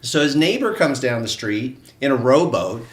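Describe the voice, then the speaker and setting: A man co-hosting an online wellness class, telling a story in an earnest, animated way. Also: mid-range voice, moderate pace, echoey room, recorded from a distance. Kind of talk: live-stream storytelling.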